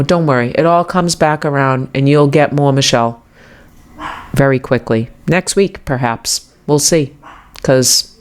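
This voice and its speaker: A woman in her fifties talks slowly and unhurriedly on her own podcast. She speaks heartfelt and halting, stumbling and restarting as she reflects on faith and encourages her listeners. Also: rumbling low, clear, resonant tone. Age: 50s. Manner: religious encouragement. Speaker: podcast host. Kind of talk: reflective faith-centered monologue. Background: dog barking at times.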